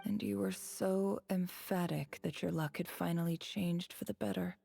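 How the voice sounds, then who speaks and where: A cool, self-assured young desert woman, speaking in a cold, mocking hush. Her voice is gravelly with vocal fry and sits fairly low. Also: big pitch swings, normal speed, soft background music, heavily acted. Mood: cold scorn. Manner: cold, mocking, hushed delivery.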